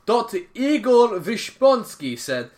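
A man's voice: very high-pitched, very animated, takes it slowly, darkish tone. A man co-hosting a casual comedic podcast, reading odd news stories aloud and laughing through them.

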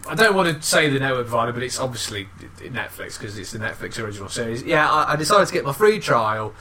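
Lively man, crude podcast banter. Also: medium pitch, fast talker. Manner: lively, laughing, swears freely. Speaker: podcast co-host.

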